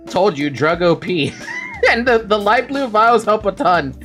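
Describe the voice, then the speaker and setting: A woman's voice: mid-range voice, animated, a little slow, faint music behind. A young woman streaming a horror game, casually reacting and swearing as she plays. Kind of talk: casual gameplay commentary.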